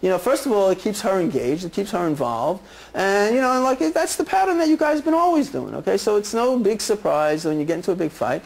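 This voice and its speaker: A man's voice: high-pitched, lively intonation, fast, creaky, rough recording. A man lecturing a class of clinicians in a conversational way, often checking in with "okay?" and "right?". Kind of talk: lecture with role-play examples.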